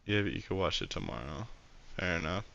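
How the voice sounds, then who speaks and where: A man's voice: low voice, expressive, fairly quick, gravelly, a bit bright, no echo, highs cut off. A young man streaming, reviewing a match replay in casual commentary, blunt and frustrated, swearing freely.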